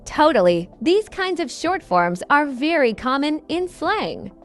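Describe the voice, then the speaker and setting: High, lively woman teaching English. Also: unhurried, faint music behind. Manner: upbeat, explains phrases with examples. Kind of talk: scripted podcast lesson.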